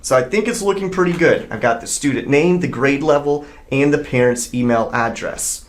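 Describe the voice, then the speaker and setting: Man walking through a software tutorial. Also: mid-range voice, moderate pace. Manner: step-by-step, conversational, thinking aloud. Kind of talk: screen-recorded software tutorial.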